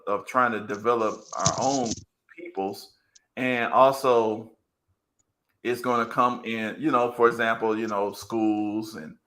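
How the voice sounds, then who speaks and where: A man with a bright, forceful voice talks at a middle pitch in casual commentary. He rambles, restarts and repeats words as he chases his point, earnest the whole way.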